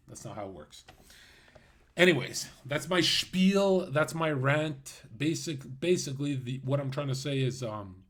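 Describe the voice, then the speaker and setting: Brash mocking male streamer. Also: fairly high pitch. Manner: brash and mocking, swearing and laughing. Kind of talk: livestream rant.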